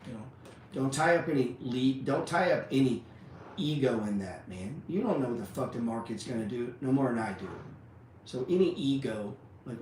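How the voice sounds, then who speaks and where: A man's voice: mid-range voice, sing-song, moderate pace, far from the mic, slight background noise. Profane fired-up man in an echoey room. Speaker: trading educator. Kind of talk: blunt motivational rant.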